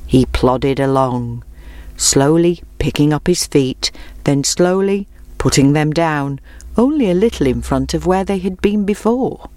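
A woman reading a children's story aloud in a gentle, clear, expressive way. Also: low voice, a little slow, no room sound.

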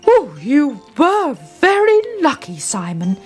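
A woman's voice: high-pitched, wildly swooping pitch, slow, darkish tone, faint music behind, voice pushed up, exaggerated voice. A woman doing a stern, lecturing farmer. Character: stern but kindly male farmer.

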